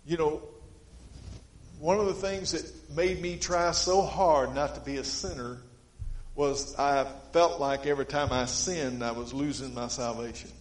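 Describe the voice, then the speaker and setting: A man preaching a sermon, his voice a bit higher than most men's. He tells folksy stories, swinging from emphatic to hushed. The sound is roomy and echoey, like a church. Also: steady tone, unhurried.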